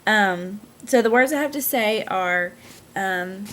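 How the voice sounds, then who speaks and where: A young woman with a Southern US accent, chatting in a casual vlog and reading out a word list, pausing often with "um". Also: medium pitch, a bit bright. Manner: hesitant, full of "um" fillers. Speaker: vlogger.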